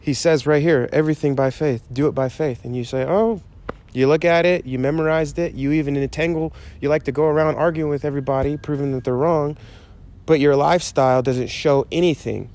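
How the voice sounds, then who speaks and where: A man's voice: a little high, steady tone, brisk, darkish tone. A man giving an informal, conversational sermon, emphatic and repetitive in his delivery. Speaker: preacher.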